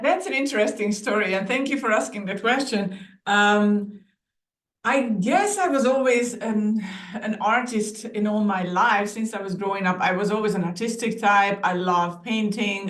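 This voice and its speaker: A woman's voice: mid-range voice, moderate pace, recorded from a distance. Chatty woman guest in a roomy echo. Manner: warm, laughing easily, talks with small restarts. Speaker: podcast guest, artist. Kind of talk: casual interview chat. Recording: roomy, echoey sound.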